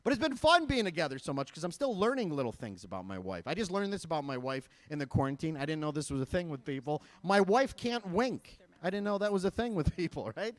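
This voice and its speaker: A man's voice: a little high, very animated, fast talker, few pauses, dry recording. A man in his thirties from Michigan doing a stand-up comedy set, self-deprecating and chatty with the audience. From Michigan, USA. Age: 30s. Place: live event stage at a school fundraiser.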